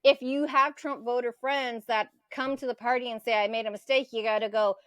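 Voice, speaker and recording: A woman's voice: a little high, fairly even intonation, moderate pace, no room sound. A woman co-hosting a podcast, ranting in a heated, profane, casual political chat. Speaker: podcast co-host.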